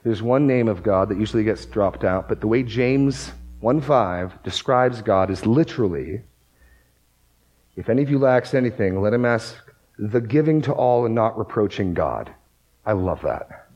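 A man's voice: fairly low pitch, lively intonation, normal speed, a little mellow, rough recording. A man preaching a sermon, working through scripture passages and rising to emphatic bursts on key words. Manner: quotes scripture aloud, reads verses with emphasis. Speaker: pastor.

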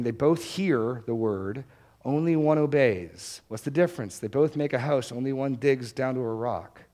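An earnest male pastor delivers a sermon, slowing down and leaning on the words that matter. His pitch sits in an ordinary middle range, and he repeats his main points for emphasis. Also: a little mellow. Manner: earnest preaching, slows and stresses key words.

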